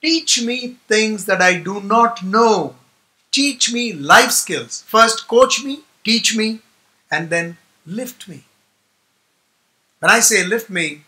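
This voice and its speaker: A man's voice: sits high, pushed and bright. A man giving a motivational talk to students, telling stories and repeating key points for emphasis. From India. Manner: storytelling, emphatic repetition. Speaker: guest speaker to management students.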